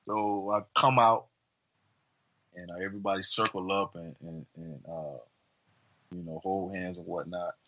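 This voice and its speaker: A man co-hosting a podcast, telling a long story in a casual, rambling way with many fillers and lively acted-out voices. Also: deep voice, unhurried, pauses often, lo-fi sound. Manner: animated, acts out quoted voices. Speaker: podcast co-host.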